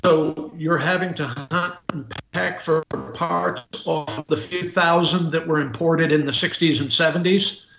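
An American guest expert on a podcast, a man who speaks bluntly and stumbles through restarts and fillers. His voice sits a little high for a man. The sound is roomy and muffled, like a remote call. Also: steady tone, creaky, fairly bright tone, slight background noise. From United States. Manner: halting, full of restarts and fillers. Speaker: guest expert on military rifles. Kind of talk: podcast interview.

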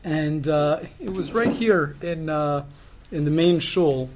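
Halting, reflective middle-aged man. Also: on the high side, noisy background. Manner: halting, frequent fillers and restarts; reflective, earnest. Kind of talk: conversational storytelling.

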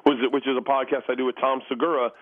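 A man's voice: medium pitch, rapid-fire, dry recording. Laughing storyteller, a man on a dull line. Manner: animated storyteller who laughs often and acts out quoted voices. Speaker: comedian guest. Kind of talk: casual interview chat.

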